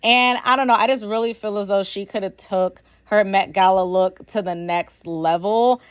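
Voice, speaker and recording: A young woman giving a casual, opinionated fashion review, talking around retainers, with lots of fillers and restarts. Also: medium pitch. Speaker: fashion vlogger.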